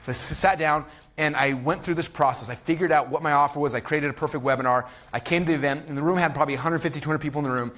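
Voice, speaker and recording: A man's voice: fairly high pitch, rapid-fire, a bit bright. A man in his thirties giving a live marketing masterclass, telling a story at speed with energy and acting out quotes. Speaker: online marketing teacher.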